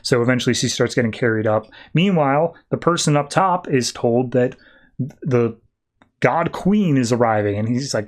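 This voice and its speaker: Podcast host, male, casual storyteller, mid-range voice, playful quick impressions of characters. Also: mid-range voice. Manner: animated retelling with quick put-on character voices. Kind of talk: casual comic book recap.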